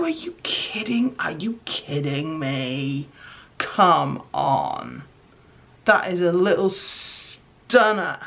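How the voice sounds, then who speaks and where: A woman chatting casually as she shows her homemade crafts, excitable and self-mocking. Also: lowish voice. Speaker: crafting vlogger. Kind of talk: casual craft chat to camera.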